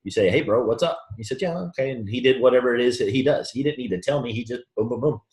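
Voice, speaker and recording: A man's voice: mid-range voice, quick pace. A man giving a motivational sales training talk to a room, acting out both sides of the conversations he tells about. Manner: animated storytelling, acts out both sides of conversations. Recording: roomy echo.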